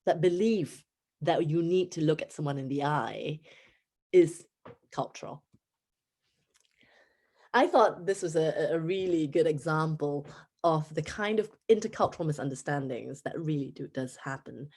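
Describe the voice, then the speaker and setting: In a slightly rough voice and at a measured pace, a Singaporean woman in her thirties speaks at a conference as an English teacher. With her Singaporean accent, she tells an animated story marked by pitch jumps.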